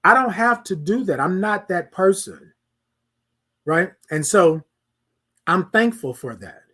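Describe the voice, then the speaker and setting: This podcast host speaks slowly in a high-pitched voice, delivering a casual solo monologue. He's animated and preachy with listeners, checking in with "y'all feel me."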